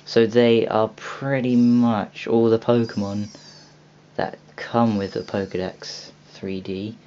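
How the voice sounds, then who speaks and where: A man's voice: on the low side, little pitch movement, slow, mellow. A young man hosting a casual video walkthrough of a game store, rambling with many ums and restarts. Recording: dull lo-fi home recording with faint hiss.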